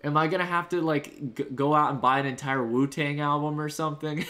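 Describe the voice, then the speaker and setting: Brisk and barely pausing, the man's slightly high voice keeps fairly even intonation and sounds pushed and bright. As a livestream host he responds to viewers' chat in a relaxed, upbeat, rambling style with fillers and restarts.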